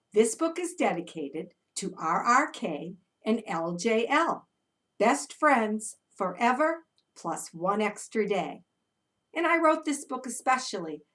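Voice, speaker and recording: Picked up from far off the mic, this woman speaks in a mid-range voice. She's an early childhood educator running a movement-filled story time for toddlers, lively and full of encouragement.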